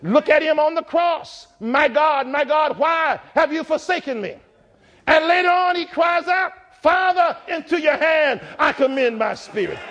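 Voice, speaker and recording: A man preaching a sermon in a church, rhythmic and repetitive, rising from quiet reflection to shouted climaxes. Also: very high voice, lively intonation, unhurried, dull audio.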